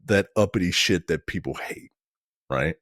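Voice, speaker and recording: A man's voice: low voice, moderate pace, dry recording, clean studio sound. A man co-hosting a film review chat, casually retelling scenes with lots of fillers and asides. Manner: casual, animated retelling of scenes with acted-out quotes. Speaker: film review podcast co-host. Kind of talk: casual conversational film discussion.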